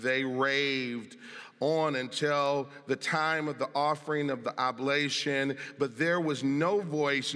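A man's voice: fairly high pitch, sharp tone, clear, resonant tone. A man preaching a sermon as pastor, reading scripture aloud with emphatic delivery. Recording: long reverb of a large hall.

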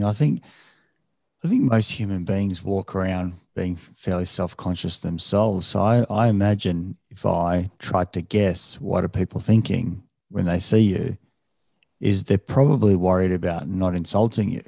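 A man's voice: deep voice, moderate pace, gravelly, warm tone, no room sound, studio quality. A man hosting a podcast, reflective and thoughtful, often restarting and hesitating as he talks things through. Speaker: podcast host. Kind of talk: reflective conversational interviewing.

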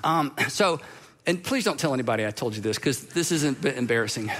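A man's voice: medium pitch, expressive, brisk, a bit bright. A middle-aged man preaching a sermon to his congregation in a conversational, self-deprecating storytelling manner, dropping to a near-whisper when quoting scripture. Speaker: pastor.

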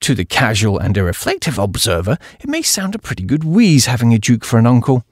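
A man reading a comic story aloud as an audiobook narrator, with very animated, expressive storytelling and a gravelly, husky voice. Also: medium pitch, brisk, no room sound, studio quality.

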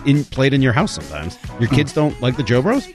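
A man's voice: mid-range voice, a little fast, faint music behind. A middle-aged man co-hosting a sports talk show, chatting casually and reading an ad with playful emphasis. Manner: lively, reads menu items with playful emphasis. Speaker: sports radio co-host. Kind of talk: casual chat and read ad.

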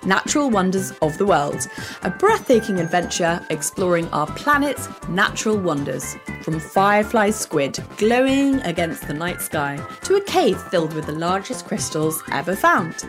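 A woman hosting a children's podcast, reading scripted explanations in a clear, animated way for young listeners. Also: fairly low pitch, music in the background. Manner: bright, animated, explaining things slowly for kids.

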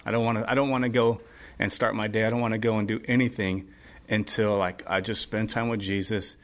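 A man's voice: on the low side, flat delivery, fairly quick. A man as a podcast guest, sharing earnestly in a casual, rambling way full of fillers. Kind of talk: casual testimony chat.

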